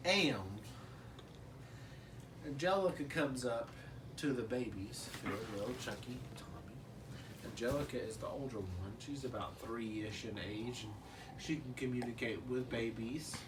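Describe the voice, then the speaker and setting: A man telling a crude, rambling comedic story to friends in a deadpan way, recorded from a distance. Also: mid-range voice, noisy background.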